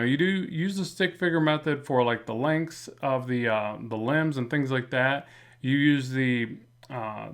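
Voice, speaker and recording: A man with a slight lisp, talking through a drawing in a relaxed, rambling way as a comic art instructor. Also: medium pitch. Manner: relaxed, rambling, many fillers and restarts. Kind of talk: casual drawing tutorial narration.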